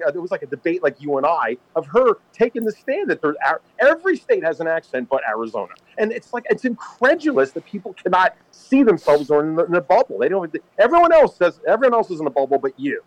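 A man's voice: sits high, very animated, fast talker, hardly any pauses. A man co-hosting a casual political talk show, rambling and emphatic as he tells stories. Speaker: podcast co-host. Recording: dull dry lo-fi sound.

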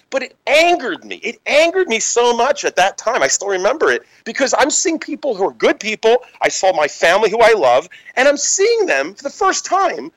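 A man's voice: high voice, low-quality recording. A man in his thirties hosting a political talk radio show, rambling and restarting as he tells stories. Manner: rambling, animated, frequent restarts. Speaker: radio host.

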